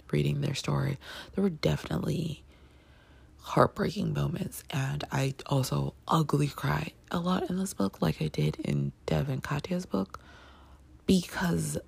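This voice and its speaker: A woman chatting casually as she reviews a book, gushing with lots of fillers and sudden excited jumps in pitch. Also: creaky, slightly rough.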